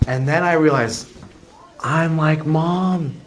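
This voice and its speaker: A man's voice: a little high, lively intonation, moderate pace. A man teaching a math class, chatty and self-deprecating, joking with his students. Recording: noisy classroom recording.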